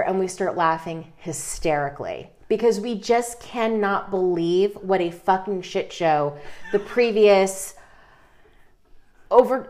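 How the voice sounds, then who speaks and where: A woman co-hosting a podcast, telling a story with lively, comic energy. She swears without a second thought and laughs through her words. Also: mid-range voice. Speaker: podcast co-host.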